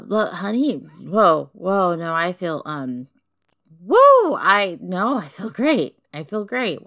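Woman doing a rambling catnip-high cat. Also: creaky, fairly bright tone, exaggerated voice. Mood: giddy. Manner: rambling, repeats herself, swings from giddy to panicked. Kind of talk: comedic improvised monologue.

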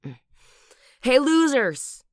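A low, husky, gravelly voice belongs to a doting lover who would kill anyone who hurts her partner, as a woman acts her out. It is a whispered role-play, slow and close to the microphone, with breathy whispers that break into loud outbursts. The pitch swings widely. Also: animated, no room sound, exaggerated voice. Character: doting, protective, murderous young woman lover.

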